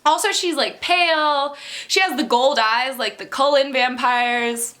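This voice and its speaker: A woman's voice: high-pitched, measured pace, bright, forceful tone. A young woman chatting casually in a vlog, giggly and rambling with lots of fillers. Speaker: book vlogger.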